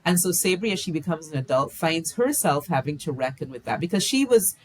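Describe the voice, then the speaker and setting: A woman author being interviewed, answering in a reflective way and pausing to search for words. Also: sits low, animated, a little mellow. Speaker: author guest.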